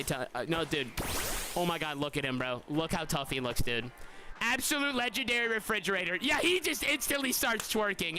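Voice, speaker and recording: A young man runs a live-streamed game tournament, speaking briskly in a high voice. Excitable with his chat, he repeats "guys" often and yells at surprises.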